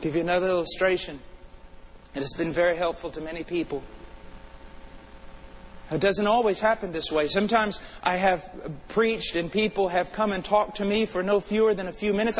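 Fervent high-voiced male preacher. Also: fairly even intonation, a little fast, a little hiss or hum, low-quality recording. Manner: fervent, swings between urgent and hushed. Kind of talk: sermon.

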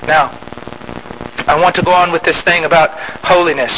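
A man preaching a sermon, emphatic, swinging from loud rising outbursts to quiet low asides. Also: steady tone, normal speed, highs cut off, slight background noise.

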